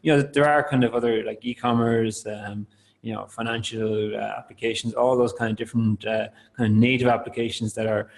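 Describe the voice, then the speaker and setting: A man presenting a software tool in a webinar, talking loosely with many fillers and restarts. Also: mid-range voice, fairly even intonation, fairly quick, creaky, poor audio. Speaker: product presenter. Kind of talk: webinar talk.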